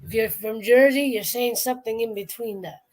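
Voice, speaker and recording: A woman's voice: a little high, moderate pace, low-quality recording. A tired woman chatting loosely and laughing as she draws on a live stream. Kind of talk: casual chat.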